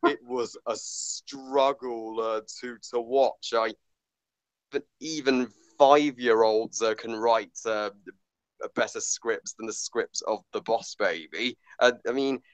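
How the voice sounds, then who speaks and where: A man talks through a movie review in loose, halting sentences, stumbling over fillers and restarts while swearing bluntly. His voice is smooth and resonant, and the recording is close and dry with no room around it. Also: mid-range voice, fairly even intonation, no echo, poor audio. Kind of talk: casual movie review chat.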